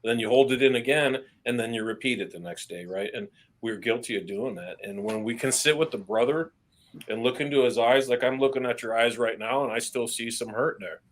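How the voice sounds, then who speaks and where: This mid-range male voice belongs to a veteran of the army chatting frankly as a podcast guest. He keeps it straightforward and heartfelt, drops casual profanity, and backs up to restart phrases as he presses his points.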